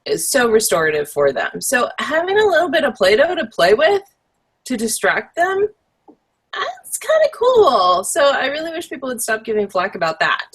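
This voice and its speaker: A woman co-hosting a casual chat, wry with deadpan asides and trailing restarts. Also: a little high, a little fast, slightly rough. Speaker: co-host.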